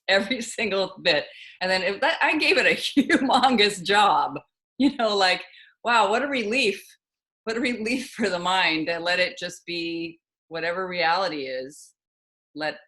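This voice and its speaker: A woman's voice: fairly low pitch, a bit bright. A woman hosting a podcast, reflective and thinking aloud in casual conversation. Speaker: podcast host.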